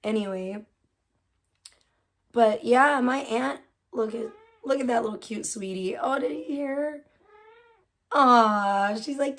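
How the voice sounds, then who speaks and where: Rambling woman streamer, higher voice. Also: slow, pauses often, fairly bright tone. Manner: rambling, many fillers and restarts. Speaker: livestream host. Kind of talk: casual chat. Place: room at home with cats.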